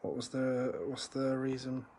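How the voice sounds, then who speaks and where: A man's voice: medium pitch, monotone, measured pace, darkish tone, a little hiss or hum. A man hosting a live online interview, reading out viewer questions and laughing along. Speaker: interview host.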